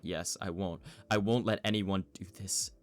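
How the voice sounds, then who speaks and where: A man's voice: low voice, steady tone, moderate pace, natural voice. A man voicing a determined young male hero who speaks earnestly and resolutely.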